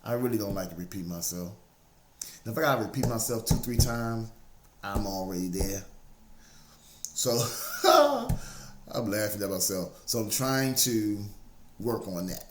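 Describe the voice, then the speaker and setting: Speaking at a moderate pace with a lowish voice and long pauses, the motivational speaker delivers a casual talk rooted in faith, hammering home key phrases through repetition. Background noise is present, and the room sounds echoey and roomy.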